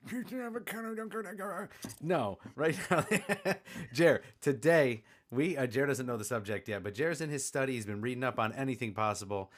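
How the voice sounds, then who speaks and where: A man's voice: mid-range voice, moderate pace. A man co-hosting a podcast in rowdy, hyper banter, cracking jokes and swearing often. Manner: hyper and excitable. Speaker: podcast co-host.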